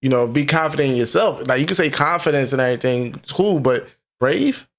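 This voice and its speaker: A man's voice: mid-range voice, animated, fairly quick. A man co-hosting a reaction video in casual chat, blunt and rambling, with some swearing.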